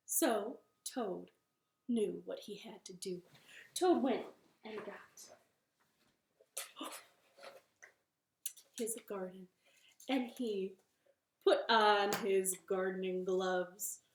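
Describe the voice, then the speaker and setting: A woman reading a picture book aloud for children's storytime, slowly and expressively, from her living room. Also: mid-range voice, reverberant, slight background noise. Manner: slow, expressive, playful. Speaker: library storytime reader.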